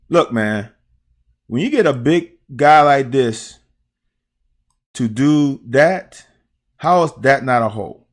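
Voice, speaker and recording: This middle-aged man, a former player with a Southern American accent, hosts casual live-stream commentary on game film, cursing and talking bluntly to his chat. His medium-pitched voice has lively intonation, a slow pace, and long pauses.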